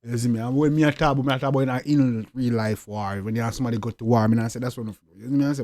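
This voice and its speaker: A young man with a Jamaican accent, talking in an interview in a forceful, repetitive way with loud emphatic bursts. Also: medium pitch, fairly even intonation, very fast, hardly any pauses. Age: young adult. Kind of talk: interview talk.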